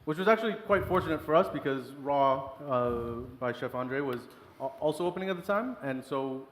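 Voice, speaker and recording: A man, a chef, talking casually and quickly in an interview with laughing asides. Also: a little high, expressive, a bit bright, a little hiss or hum. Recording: echoey room with long reverb.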